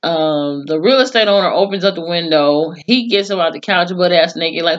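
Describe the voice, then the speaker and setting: A woman giving a casual, profane recap of a TV episode, acting out the characters' lines with animated voices. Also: lowish voice, normal speed, few pauses, muffled recording. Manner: chatty and profane, with animated acted-out quotes. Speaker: TV episode reviewer.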